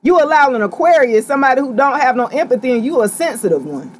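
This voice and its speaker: A woman's voice: high voice, sing-song, fast talker, a little hiss or hum. A woman giving a live tarot reading to her viewers, talking straight at them in a sassy, slangy, direct way. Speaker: tarot reader.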